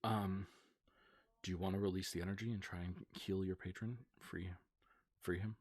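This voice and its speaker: Game master, male, very deep voice, quick with the rules, drawn-out storyteller. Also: fairly even intonation. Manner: quick rules talk, slower dramatic narration. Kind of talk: running a tabletop game on a livestream.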